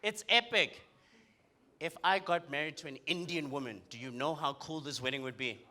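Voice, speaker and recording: A man's voice: a little high, normal speed. A young man from South Africa with a South African accent, doing a punchy, teasing stand-up comedy set on a comedy club stage. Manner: punchy, animated, teasing the crowd.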